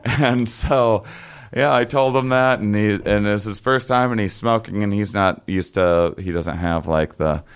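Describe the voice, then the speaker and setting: A young man telling a long story in casual chat, halting and rambling with many fillers and restarts. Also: fairly low pitch, clear, resonant tone.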